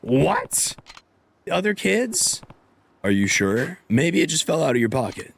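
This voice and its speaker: A man voicing a calm, firm adult guardian in a game. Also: on the high side, measured pace, vocal fry, a little hiss or hum, voice pushed up, exaggerated voice. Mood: steady.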